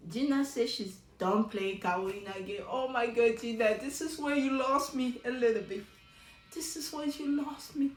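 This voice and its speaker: Animated woman chatting through a show recap, voice on the high side, echoey room. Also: moderate pace. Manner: chatty and animated, talks straight to the show's cast. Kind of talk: casual recap commentary.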